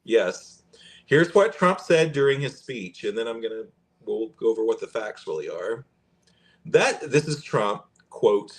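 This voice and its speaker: A man's voice: medium pitch, sing-song. A man hosting a podcast, reading fact checks aloud and commenting in a conversational way. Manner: conversational, pauses and restarts while reading aloud. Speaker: podcast host.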